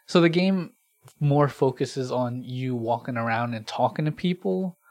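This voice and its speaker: A man giving his opinions in a casual chat, halting and full of fillers, with the odd curse. His mid-pitched voice is recorded dry, with no room sound. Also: a little mellow, dry recording. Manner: hesitant, filler-heavy, swears casually.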